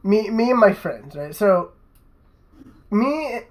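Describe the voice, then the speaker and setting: A man's voice: high-pitched, sing-song, takes it slowly, poor audio. A young man, a podcast host, telling a rambling, profane story in casual chat and tacking "right?" onto his sentences.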